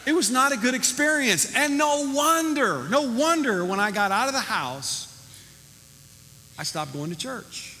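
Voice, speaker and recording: A man preaching a sermon as pastor, animated and emphatic, recorded in a church hall. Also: very high voice, unhurried.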